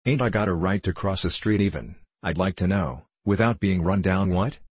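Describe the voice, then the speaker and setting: A man reading the lines of an excitable, loud, quick-tempered young man in a novel, blustering and repeating himself. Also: low-pitched, breathy edge, no room sound. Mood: excited.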